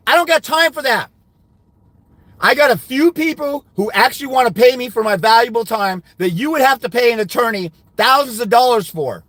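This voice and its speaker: A man's voice: very high-pitched, a bit bright, no echo. A man giving fathers' rights custody advice, ranting indignantly during a livestream while answering comments.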